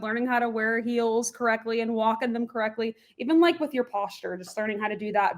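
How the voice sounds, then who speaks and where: Young woman, fairly high voice, animated, laughs a lot, plain general American speech, interview guest. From Florida. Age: young adult. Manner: lively, quick, laughs often, animated asides. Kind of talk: casual interview chat.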